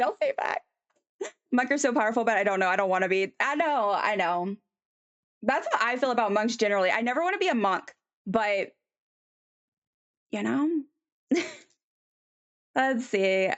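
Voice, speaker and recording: A woman chatting casually on a live stream as she draws, rambling with many ums and answering chat. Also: fairly high pitch.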